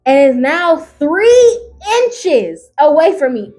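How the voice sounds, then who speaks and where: High, lively, sassy woman reading stories. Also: unhurried, faint music behind. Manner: sassy, loud outbursts, calls listeners baby and honey. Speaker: YouTuber reading online stories aloud. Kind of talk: animated reaction reading.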